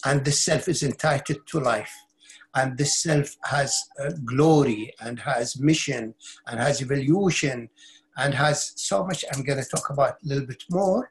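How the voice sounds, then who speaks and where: A man's voice: medium pitch, moderate pace. A middle-aged man, a spiritual teacher, telling a personal story in an interview with intense earnestness, often repeating and restarting words.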